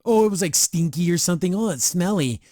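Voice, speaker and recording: A man hosting a podcast, giving a casual episode review in a rambling, excitable way full of fillers. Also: high voice, fast talker, dry recording, clean studio sound. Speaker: podcast host.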